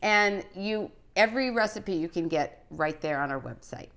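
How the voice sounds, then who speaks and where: A woman's voice: on the low side, expressive, moderate pace, fairly bright tone. A woman in her sixties hosting a live cooking show, chatty and encouraging, reading out greetings from viewers. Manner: frequent fillers and restarts. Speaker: host of a children's cooking show.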